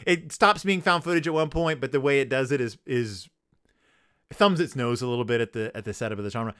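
A man's voice: mid-range voice, brisk, a bit bright, smooth, no room sound, studio quality. A man hosting a comedy podcast, sarcastically recapping a children's book and riffing on it. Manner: sarcastic, riffing, acts out characters. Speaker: podcast host.

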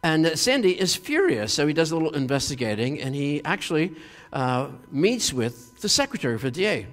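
A pastor telling a story in his sermon, animated and chatty, with frequent fillers. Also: fairly high pitch, fairly quick. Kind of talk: sermon retelling a TV episode. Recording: long reverb of a hall.

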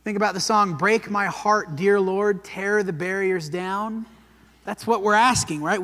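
A man's voice: high voice, fairly bright tone. A man preaching a sermon in a church, talking conversationally and often checking in with "right?". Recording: church hall with long reverb.

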